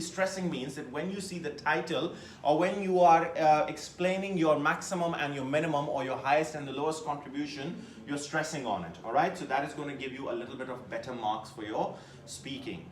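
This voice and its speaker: Animated male teacher in an echoey classroom. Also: fairly high pitch, slight background noise. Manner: lively, emphatic, asks the class questions. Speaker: test-prep teacher. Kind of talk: classroom lecture.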